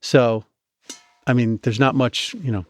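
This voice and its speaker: A man's voice: medium pitch, a little slow, dry recording. Chatty man telling stories, dry sound. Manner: animated, chatty, with many restarts. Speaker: guest, medical device inventor. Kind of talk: storytelling in a podcast interview.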